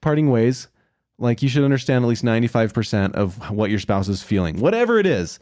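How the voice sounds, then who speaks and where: A man's voice: medium pitch, expressive, fairly quick, darkish tone, no room sound, clean studio sound. A young man co-hosting a casual advice chat, earnest and encouraging, with many "like" and "you know" fillers. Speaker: podcast co-host.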